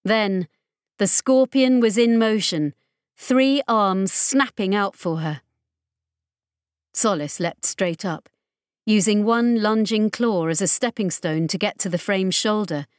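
A woman narrating an audiobook in a measured, dramatic reading. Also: mid-range voice, smooth, no room sound, studio quality. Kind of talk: scripted narration.

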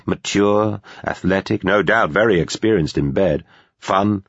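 A man reading a novel aloud in steady, measured scripted narration. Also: low voice, dry recording. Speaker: audiobook narrator. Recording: dull, lo-fi dry recording.

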